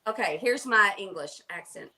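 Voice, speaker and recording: A woman's voice: medium pitch, expressive, normal speed, bright, forceful tone. A woman teasing friends in casual chat on a live stream, laughing often.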